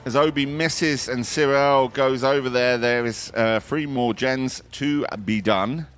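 A man doing excitable, jokey play-by-play commentary on a competitive video game. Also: mid-range voice, measured pace, a little hiss or hum. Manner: excitable, jokey, quoting movie lines. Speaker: esports caster.

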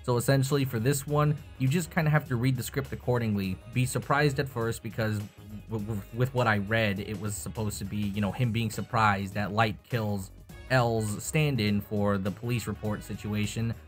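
A man's voice: lowish voice, fairly even intonation, normal speed. Young man, casual rambling chat, voice tutorial, faint music behind. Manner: rambling, casual, swears, laughs. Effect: voice changer tests. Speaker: YouTuber.

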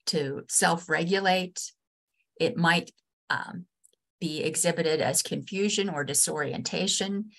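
A woman trainer with a West Virginian accent giving a webinar lesson over a video call, earnest and halting, with many restarts and fillers. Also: fairly low pitch, fairly bright tone. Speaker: state ombudsman and trainer.

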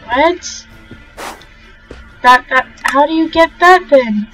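Excitable young woman gamer, slow-talking. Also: sits high, rough recording. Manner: gushing and excitable, talks to animals in game. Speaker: gaming channel host. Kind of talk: casual let's-play commentary. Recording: faint game music behind.

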